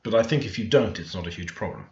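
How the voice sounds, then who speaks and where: Man, low-pitched, deliberate tutor who thinks aloud, dull roomy home recording. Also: expressive, a little mellow. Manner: unhurried, thinking aloud while typing. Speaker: language learner teaching Korean. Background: keyboard typing and clicks.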